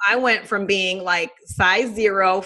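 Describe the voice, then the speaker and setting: A woman in her thirties, a guest telling a personal story in a casual, animated way with many fillers. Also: medium pitch, a little slow.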